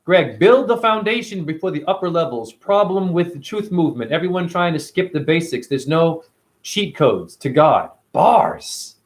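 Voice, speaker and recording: Animated, high-voiced man streaming to viewers. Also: moderate pace. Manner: animated, profane, addresses viewers by name. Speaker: livestream host reading chat. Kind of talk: casual livestream monologue.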